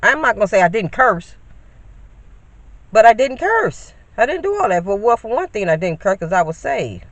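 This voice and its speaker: A woman in her fifties vlogs casually from her parked car, recording on a phone camera. She's chatty and a bit lecturing, calls her viewers "honey," and speaks in a mid-range, sing-song voice at a moderate pace. The recording is dry and low quality.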